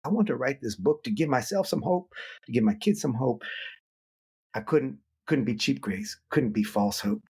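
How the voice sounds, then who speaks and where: A middle-aged man, an author and guest in a podcast interview, talking in an animated way. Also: mid-range voice, normal speed, vocal fry, husky. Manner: animated, acts out quoted voices.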